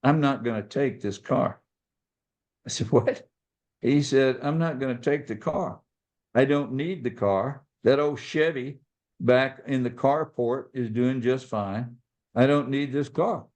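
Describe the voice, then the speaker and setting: A man voicing a calm, plainspoken elderly father who talks in a measured way. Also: mid-range voice, lightly acted.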